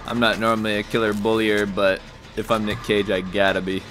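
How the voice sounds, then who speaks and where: A young man giving casual, jokey commentary over a video game, reacting loudly to big moments. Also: on the low side, unhurried, long pauses, faint music behind. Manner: excitable, jokey, shouts and laughs at big plays. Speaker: gaming YouTuber.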